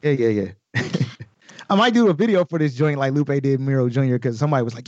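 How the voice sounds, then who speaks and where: A man talking casually on a podcast about his own verses, loose and slangy with a fair bit of swearing. His voice is mid-pitched and dry, with no room sound. The recording is a bit dull and muffled. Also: animated, fast talker, darkish tone, no echo. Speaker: guest rapper. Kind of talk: casual podcast chat explaining his lyrics.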